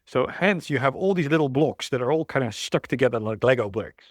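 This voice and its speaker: A man's voice: medium pitch, lively intonation, fairly quick, no room sound, studio quality. A man who is a guest on a podcast, explaining history in a thoughtful, rambling way with many restarts. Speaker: guest, historical riding expert. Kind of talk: conversational explanation.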